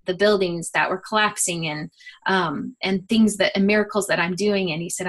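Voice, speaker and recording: A middle-aged woman, a guest, telling a personal faith story in an earnest, animated way with many fillers. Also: on the low side, moderate pace. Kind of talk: personal testimony in a conversation.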